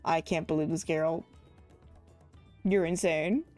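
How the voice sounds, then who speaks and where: A woman's voice: on the low side, very animated, slow, long pauses, mellow, no echo, soft background music. A woman streamer reacting to a game live, with incredulous asides to her viewers. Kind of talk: live gameplay commentary.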